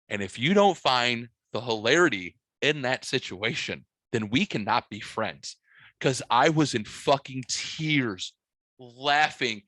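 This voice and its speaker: A man from St. Louis hosts a casual podcast, spinning a profane story with rising energy. His voice sits at an ordinary pitch. The sound is dry and close, with no room around it. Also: takes it slowly, no room sound. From St. Louis, USA. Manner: profane, animated storytelling, rising loud when laughing. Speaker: podcast host.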